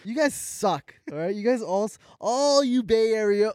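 Young guy with a high voice cohosting a podcast, laughs a lot, fake-mad rants, dry close mic. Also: expressive, moderate pace, a little mellow, no room sound. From Orange County, California. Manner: joking, mock-indignant, laughs often. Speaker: podcast co-host. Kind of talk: casual chat.

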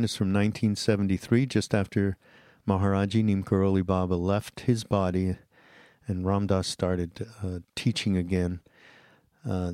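A man hosting a podcast, speaking slowly and thoughtfully, with pauses and fillers. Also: sits low, a little mellow, clear, resonant tone, no room sound, clean studio sound. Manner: slow and deliberate, with pauses and fillers. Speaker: podcast host. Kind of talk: reflective podcast intro.

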